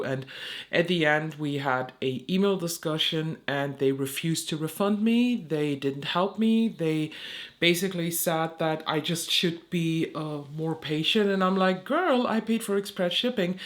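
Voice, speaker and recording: A woman's voice: deep voice, normal speed. A woman, a beauty vlogger, chatting casually and rambling as she does her makeup. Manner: chatty, rambling, laughs at herself. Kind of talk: casual chat while doing makeup.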